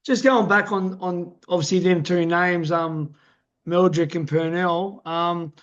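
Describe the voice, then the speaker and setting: Host guy, kind of hesitant, lots of ums and yeahs, slightly high voice, dull audio. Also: steady tone, unhurried, a bit bright. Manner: hesitant, agreeable, many fillers. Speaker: interview host. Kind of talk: casual interview. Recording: muffled lo-fi audio.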